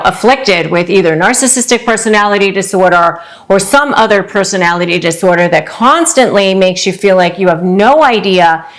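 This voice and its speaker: A middle-aged woman lawyer giving earnest, quick advice straight to camera, acting out the lines she quotes. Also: medium pitch. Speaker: divorce lawyer and coach. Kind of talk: direct-to-camera advice talk.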